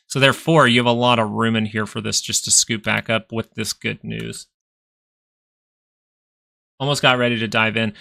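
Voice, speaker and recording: A man's voice: medium pitch, fairly even intonation, fairly quick, gravelly, bright, forceful tone, no room sound. A man hosting a live stock market stream, chatting casually as he walks through charts, thinking aloud and repeating phrases for emphasis. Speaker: stock market livestream host.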